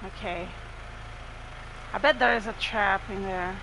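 A woman's voice: medium pitch, unhurried, noisy background. A woman streaming a horror game, reacting aloud, laughing and swearing to herself. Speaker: gamer streaming gameplay. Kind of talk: live gameplay commentary.

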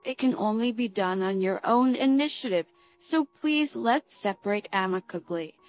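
A woman voicing a calm, sarcastic betrayed husband in a spoken story. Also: on the high side, normal speed, no echo, soft background music, lightly acted.

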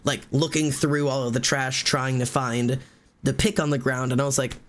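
A man streaming live, telling a long story in casual chat, rambling and fast with many fillers and restarts. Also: mid-range voice, flat delivery.

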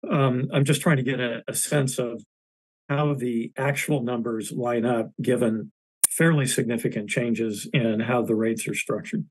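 A man with a scratchy, worn voice poses careful questions at a public board meeting, pausing often with hesitant fillers and restarting his sentences. His pitch sits at an ordinary middle level for a man. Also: fairly even intonation. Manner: halting, many fillers and restarts. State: hoarse, scratchy voice. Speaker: board member asking questions.

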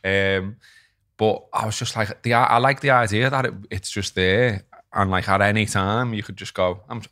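A man's voice: on the low side, steady tone, normal speed, pushed and bright, dry recording, studio quality. A man in his forties with a Liverpool accent, co-hosting a podcast and telling stories in casual chat, often repeating his words. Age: 40s. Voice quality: chatty, repeats words, storytelling. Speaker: podcast co-host.

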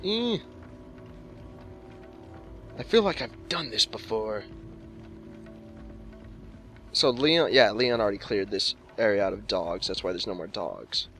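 A man's voice: on the low side, animated, takes it slowly, pauses often, a bit bright, faint music behind. A man playing a video game and commenting casually, swearing often and snapping back at the game with exasperated outbursts. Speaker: let's play gamer.

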